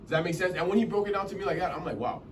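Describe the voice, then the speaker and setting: Young guy from massachusetts hyping up a room, kinda high voice, mic a bit far off, faint background hum. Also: lively intonation, rapid-fire. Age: 20s. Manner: casual, keeps checking in with the audience. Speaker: motivational speaker at a business meeting. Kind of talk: motivational talk to a room.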